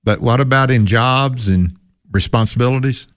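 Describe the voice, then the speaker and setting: A man's voice: medium pitch, normal speed, clean tone, dry recording, clean studio sound. A man co-hosting a Bible discussion, who poses rhetorical questions and then answers them himself. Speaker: Bible study co-host.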